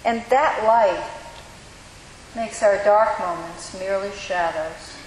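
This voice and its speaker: A woman pastor delivering a sermon, measured and reflective, pausing slowly for emphasis. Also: medium pitch. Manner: measured, reflective preaching with slow emphatic pauses. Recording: echoey hall with faint hiss.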